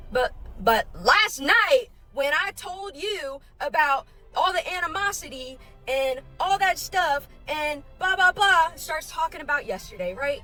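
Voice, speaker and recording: Heated, bright-voiced woman ranting. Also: sits high. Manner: heated, profane, animated retelling. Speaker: restaurant kitchen worker telling a story. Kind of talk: casual storytime rant.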